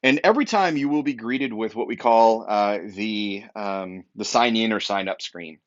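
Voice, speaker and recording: A man's voice: on the low side, moderate pace, lo-fi sound. A young man, an upbeat real estate technology trainer, giving an emphatic walkthrough with lots of fillers.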